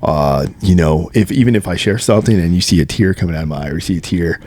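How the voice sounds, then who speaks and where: A man's voice: sits low, fast, a little mellow, dry recording. A man as a podcast guest, talking intensely and emphatically in a casual conversation.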